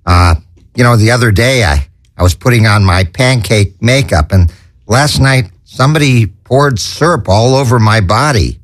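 A man's voice: fairly low pitch, lively intonation, normal speed, no echo, clean studio sound. A man hosting a comedy show, telling corny puns with stammers and chuckles at his own jokes. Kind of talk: corny stand-up patter.

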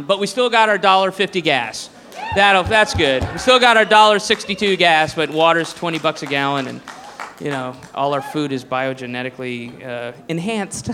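A high-voiced, bright male comedian rants on stage, profane and sarcastic. The sound carries a long hall echo, with a faint crowd underneath. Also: lively intonation, normal speed, a little hiss or hum. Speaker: stand-up comedian. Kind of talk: stand-up set.

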